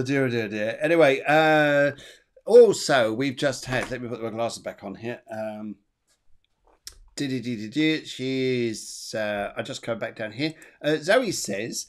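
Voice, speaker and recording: Male medium hosting a live stream; chatty, rambling delivery, mid pitch. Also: unhurried. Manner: chatty, rambling with fillers and restarts. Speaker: medium and show host. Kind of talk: live online psychic reading.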